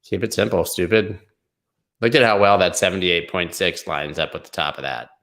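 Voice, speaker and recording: A man with a very low voice, gravelly and full of vocal fry, talks his way through price charts on a live stream. His manner is loose and slangy, wandering from point to point. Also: steady tone, normal speed, fairly bright tone. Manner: loose, rambling, slangy, hums and sings snippets. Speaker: crypto show host. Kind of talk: casual live chart commentary.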